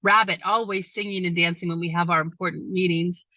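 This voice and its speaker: A woman's voice: fairly low pitch, steady tone, fairly quick, bright, forceful tone, dry recording, recorded from a distance, pitched below the performer's own voice. A woman voicing a determined male deer on an animal council, making insistent demands. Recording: dull lo-fi sound.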